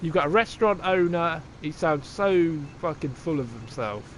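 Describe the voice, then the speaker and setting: A man's voice: fairly high pitch, lively intonation, moderate pace, a bit bright, a little hiss or hum. A man chatting casually and sarcastically while streaming a game, swearing freely. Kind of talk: casual live-stream chat.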